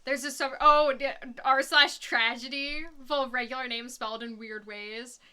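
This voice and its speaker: A woman's voice: sits high, steady tone, normal speed, bright, forceful tone, clear, resonant tone. A young woman chatting casually while streaming a game, talking in a rambling way full of fillers. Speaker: speedrunner streaming. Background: game music.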